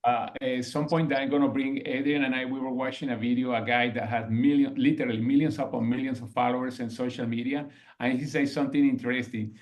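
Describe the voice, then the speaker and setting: A man chimes in on a team video call at a middling pitch. He speaks earnestly and haltingly, and his phrasing sounds slightly non-native. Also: steady tone. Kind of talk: casual group video call.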